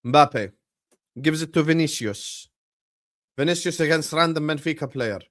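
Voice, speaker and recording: A young man hosting a live football watchalong, chatting casually with his viewers and shouting at big moments of the match. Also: on the high side, moderate pace. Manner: animated, bursts into loud shouts at match moments, banters with chat. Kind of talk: casual live-stream chat and match commentary.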